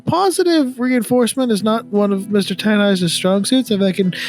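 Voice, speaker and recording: A man playing a nervous male underling in a tabletop game, talking higher than his own voice. He rambles and hesitates, eager to please, over faint music. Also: moderate pace. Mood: grateful. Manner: rambling, hesitant, full of fillers.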